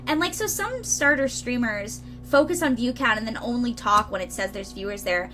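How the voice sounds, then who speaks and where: A woman's voice: fairly high pitch, lively intonation, normal speed, over music. A young woman live-streaming tarot readings, rambling casually to her viewers with lots of fillers. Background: lawn mower noise outside.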